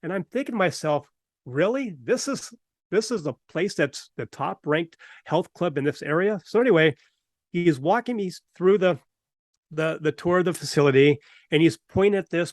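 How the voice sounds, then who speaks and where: A podcast host, a man with a slightly high voice, relates an old anecdote in a lively storytelling way. He is close on the mic, and the sound is very dry with no room around it. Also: no echo.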